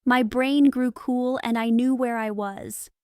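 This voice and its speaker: A woman's voice: on the high side, steady tone, a little slow, a little mellow, clear, resonant tone, no room sound, studio quality, natural voice. A woman reading the part of a dying male asylum patient who pleads with desperate urgency, in an audiobook for English learners. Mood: urgent.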